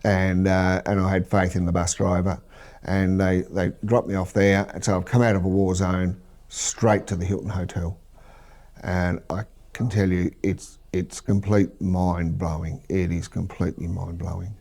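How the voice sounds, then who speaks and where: A middle-aged Australian man, a military veteran, recounting war memories in a measured, halting interview. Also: low-pitched, little pitch movement, darkish tone.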